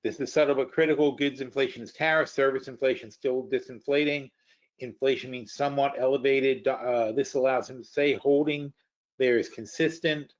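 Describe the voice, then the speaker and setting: A webinar host talks through the news live in a loose, thinking-aloud style, blunt and at times profane, as casual market commentary. His ordinary middle-pitched voice has fairly even intonation and a moderate pace, heard through a muffled, lo-fi feed.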